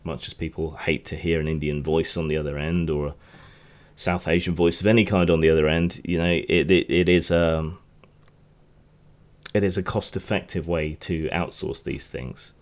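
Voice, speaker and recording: A man's voice: rumbling low, fairly even intonation, normal speed. A man hosting a podcast, talking through the news in a rambling, chatty way with frequent restarts and asides. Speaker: podcast host. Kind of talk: casual news commentary.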